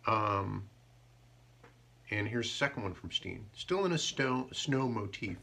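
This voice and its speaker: A man hosting a live haiku show, chatting casually and joking, and reading poems slowly. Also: lowish voice, lively intonation, creaky, bright, forceful tone, husky. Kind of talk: casual live-stream chat.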